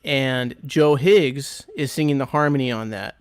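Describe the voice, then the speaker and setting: A man's voice: mid-range voice, unhurried, smooth, no room sound, clean studio sound. A man hosting a music podcast, chatting with enthusiasm and plenty of fillers as he introduces records. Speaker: podcast host and record selector. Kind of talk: casual chat.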